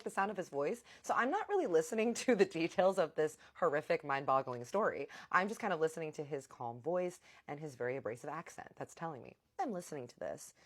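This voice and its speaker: A woman telling a dramatic personal story in a casual vlog, animated and talking straight to her viewers. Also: low voice.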